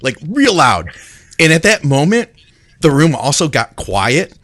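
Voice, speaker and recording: Podcast guy rambling thru a story, gets excited and laughs, dry mic. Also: fairly high pitch, unhurried, dry recording. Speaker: podcast co-host. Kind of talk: casual storytelling chat.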